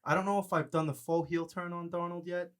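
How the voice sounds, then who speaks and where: A man hosting a casual sports betting podcast, brash and fast-talking, ribbing his co-host. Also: high voice, little pitch movement, fairly bright tone, clear, resonant tone. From New York area.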